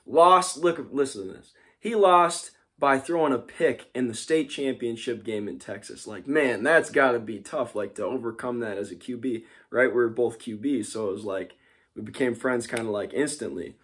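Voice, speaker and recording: A man's voice: medium pitch, normal speed, fairly bright tone, breathy edge. Young male teacher, loose rambling classroom chat, heavy on fillers. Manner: rambling, full of "like" and "you know". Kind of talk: casual classroom talk.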